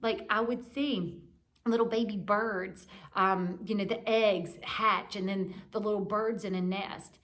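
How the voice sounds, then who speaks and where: A woman in her forties giving a candid, reflective devotional talk for a church, gently encouraging her listeners. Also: medium pitch, fairly even intonation, measured pace. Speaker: church speaker.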